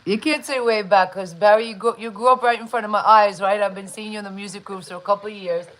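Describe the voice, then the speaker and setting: A woman's voice: medium pitch, steady tone, quick pace, rough recording. Chatty woman hosting a live interview. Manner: chatty, enthusiastic, many shout-outs. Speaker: interview host.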